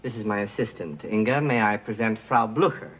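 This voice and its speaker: A man's voice: fairly low pitch, brisk, natural voice. A man voicing a fussy young male pony scientist who insists on correcting how his name is said. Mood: polite. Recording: noisy amateur recording.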